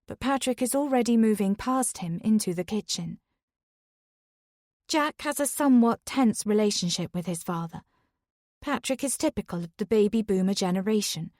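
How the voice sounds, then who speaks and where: A woman reading a first-person thriller audiobook in a steady, conversational way, her voice sitting in a middle register. The recording is dry and close, with no room sound. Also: mid-range voice, normal speed, dry recording. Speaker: audiobook narrator.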